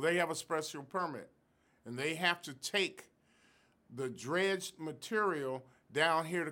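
A man's voice: a little high, fairly bright tone. A man, a professor, explaining environmental science in an interview with an emphatic, lecturing manner. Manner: emphatic, lecturing, stresses key figures. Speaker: professor and guest expert. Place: Sacramento area.

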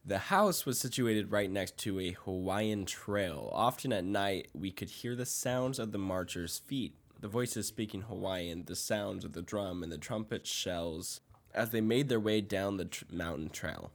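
A man's voice: low voice, a little slow. A young man co-hosting a podcast, reading a spooky story from his notes, stumbling over names and laughing along with his co-host. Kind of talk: reading a ghost story aloud, casual chat.

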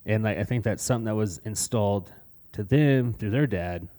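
A man's voice: on the low side, normal speed, dark tone. A man co-hosting a casual podcast, telling blunt, profanity-heavy stories from his youth. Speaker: podcast co-host. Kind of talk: casual storytelling chat.

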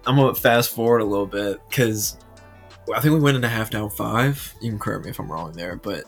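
A man with a low, gravelly, husky voice co-hosts a casual basketball podcast. He rambles in an animated way, restarting his sentences, while faint music plays behind him. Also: a little fast. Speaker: podcast co-host. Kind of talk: casual sports podcast chat.

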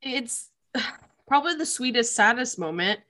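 A woman's voice: fairly high pitch, expressive, a little slow, bright, forceful tone. A woman co-hosting a casual chat, emotional and emphatic, laughing often. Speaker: podcast co-host. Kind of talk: casual chat about an anime.

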